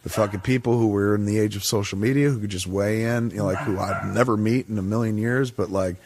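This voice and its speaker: A man telling a story in a casual, profane way, acting out the people in it with higher voices. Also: quick pace, noisy background. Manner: animated, swears constantly, acts out quoted people in higher voices. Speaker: guest storyteller.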